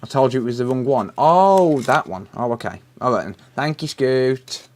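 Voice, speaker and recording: A British man hosts a repair livestream, keeping up easygoing, chatty patter as he works and replying to viewer messages. He calls people "mate" a lot, and his medium-pitched voice swings widely in pitch at a fairly quick clip.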